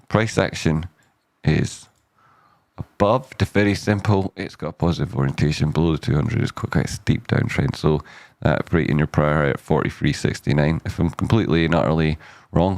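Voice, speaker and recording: A man's voice: extremely low pitch, no room sound, studio quality. A man hosting a casual live stock chart analysis, rambling and jokey, cutting himself off mid-sentence. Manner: rambling, self-interrupting, jokey asides.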